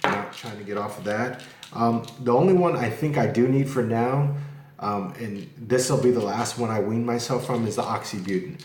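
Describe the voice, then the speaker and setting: In an echoey room, a man with a medium-pitched, slightly mellow voice talks candidly to his camera at a moderate pace. It's a casual home vlog, rambling and peppered with free cursing.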